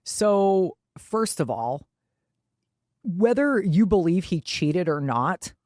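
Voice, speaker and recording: A woman's voice: lowish voice, big pitch swings, takes it slowly, a little mellow, no echo, clean studio sound. A woman co-hosting a sports podcast, talking bluntly in casual chat. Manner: blunt, chatty. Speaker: podcast co-host.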